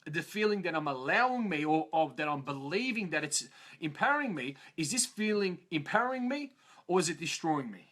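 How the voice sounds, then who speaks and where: A man's voice: fairly high pitch, sing-song, fairly quick, fairly bright tone. A man speaking on a live stream in a room of his parents' house, bluntly motivating listeners, swearing freely and acting out other people's complaints.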